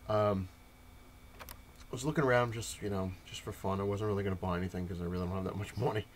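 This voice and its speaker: A young man with a lowish voice tells a rambling story, packed with fillers and quoted back-and-forth. A faint hum sits under the recording. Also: fairly even intonation, fast. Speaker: comic collector vlogger. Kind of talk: casual update rant to camera.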